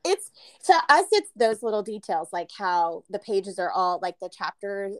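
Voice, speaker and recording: A woman's voice: medium pitch, big pitch swings, moderate pace, no room sound. A woman hosting a podcast interview, enthusiastic and gushing, with long rambling questions. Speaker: podcast host. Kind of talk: casual interview chat.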